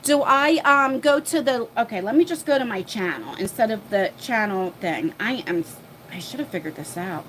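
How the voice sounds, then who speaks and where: Bright, high-voiced flustered woman streamer. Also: expressive, normal speed, a little hiss or hum. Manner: flustered, chatty, thinks out loud. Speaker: livestream host. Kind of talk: casual live chat. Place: at home, on her phone. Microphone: phone mic.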